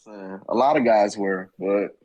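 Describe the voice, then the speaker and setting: A man's voice: fairly low pitch, moderate pace, mellow, muffled recording. A man on a podcast telling joking stories in a laid-back, swearing, casual way. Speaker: podcast guest, army veteran. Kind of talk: casual chat, storytelling.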